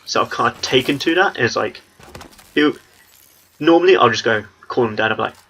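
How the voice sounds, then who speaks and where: A man's voice: mid-range voice, expressive, fairly quick, a bit bright, a little hiss or hum, poor audio. A young man with an English accent, talking in a rambling, chatty way as he commentates on his gameplay. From England. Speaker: gaming channel host.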